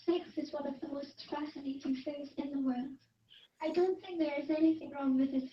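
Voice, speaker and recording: A woman's voice playing a calm female sex-doll robot with a flat, synthetic-sounding delivery, heard from a video clip. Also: high voice, a little fast, muffled recording, close to an everyday voice.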